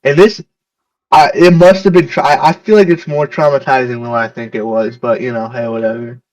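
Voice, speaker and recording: A man's voice: mid-range voice, steady tone, a little fast, a little mellow, dry recording, recorded from a distance, low-quality recording. A young man with a mid-range voice, chatting loosely on an amateur podcast and leaning on "like" and "you know". He sits a little back from the mic in a dry room. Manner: rambling, full of "like" and "you know". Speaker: podcast co-host. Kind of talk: casual chat.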